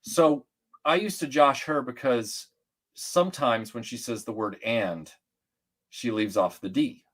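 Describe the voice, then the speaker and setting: A middle-aged man from Atlanta, a guest telling stories in casual chat, rambling and animated with many restarts and fillers. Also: medium pitch, measured pace.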